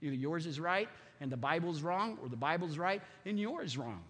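A man's voice: fairly high pitch, expressive, moderate pace, fairly bright tone, slightly rough, big-room sound. A man in his fifties preaching a sermon, emphatic and repetitive. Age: 50s. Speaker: pastor.

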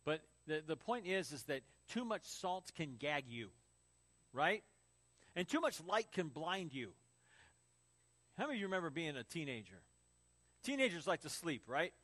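A man's voice: a little high, very animated, normal speed, pauses often, a bit bright. A man preaching a sermon as pastor, telling stories and acting out quotes. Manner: storytelling with acted quotes and laughs.

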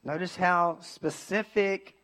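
A man pastor delivering a sermon, swinging from emphatic declarations to hushed, tender asides. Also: high-pitched, fairly even intonation, takes it slowly.

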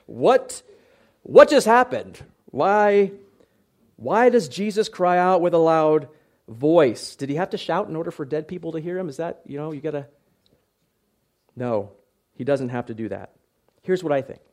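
A man with a somewhat high voice preaches through a scripture passage, reading verses slowly and then unpacking them in plain, chatty terms. He keeps tossing in quick checks with his listeners, and now and then he booms out a line for effect. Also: lively intonation. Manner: conversational, tag questions, bursts into loud acted shouts. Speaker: pastor. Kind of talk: expository sermon.

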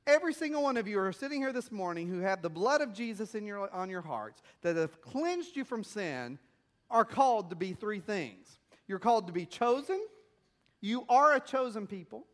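High-voiced preacher telling stories. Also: male voice, sing-song, normal speed, a bit bright. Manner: conversational storytelling with rhetorical questions. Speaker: missionary pastor. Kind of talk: sermon.

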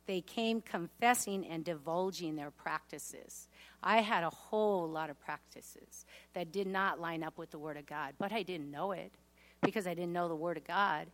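A woman giving an earnest, heartfelt personal testimony in a sermon. She reads scripture aloud, and her voice drops low on painful memories.

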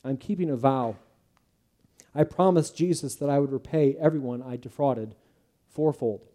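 A man's voice: medium pitch, normal speed, mellow, natural voice. A male preacher reading the part of a humble, repentant tax collector, speaking earnestly and pleadingly.

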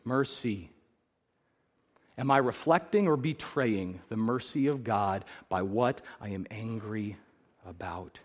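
A man preaching a sermon as pastor, emphatic and animated, repeating phrases for stress. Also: fairly low pitch, takes it slowly.

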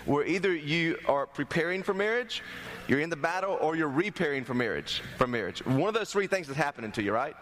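A man's voice: on the high side, a little fast. A young man from North Carolina, preaching a sermon in a church, telling jokes and asking the congregation to respond. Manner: lively, joking storyteller, asks the congregation to respond. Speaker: pastor.

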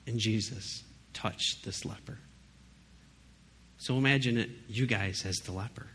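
Conversational male preacher, low voice. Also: a little slow, a bit bright, a little hiss or hum. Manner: conversational, emphatic, frequent "you know" and "right?". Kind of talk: casual sermon.

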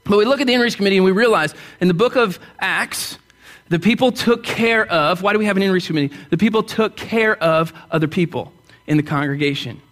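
A man preaches a church sermon in a high-sitting, fairly bright voice, talking a little fast. He keeps it blunt and conversational, jokes with the people, and asks them to reply aloud.

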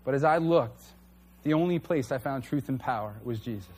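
A man's voice: medium pitch, a little fast, darkish tone, slightly rough. A man preaching a conversational sermon to a church congregation, earnest and candid. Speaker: pastor.

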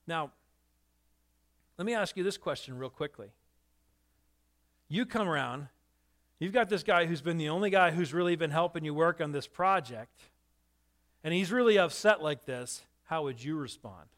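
Brief: pastor, male, higher-pitched, lively storyteller who puts questions to the room. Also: normal speed. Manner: animated, asks the listeners questions. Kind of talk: sermon storytelling.

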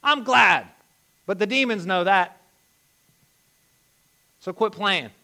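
A man preaching a sermon, telling a lively story and then reading and explaining scripture aloud. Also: high voice, slow. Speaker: pastor.

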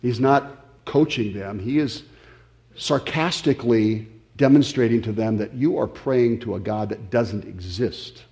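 A man's voice: mid-range voice, mellow. A man preaching a sermon in a conversational way, often stopping and restarting, asking the listeners questions. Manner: conversational, halting with many restarts and fillers. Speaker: pastor.

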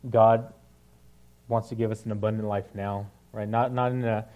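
A man's voice: lowish voice, level tone, moderate pace, highs cut off. A young man giving a casual, conversational sermon, with many fillers and frequent "right?" asides to the listeners. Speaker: preacher.

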